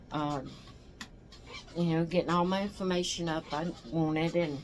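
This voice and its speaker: Older female vlogger, exhausted and rambling, slightly low pitch, faint background noise. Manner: rambling, tired, yawning. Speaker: doll channel host. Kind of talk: casual chat to camera.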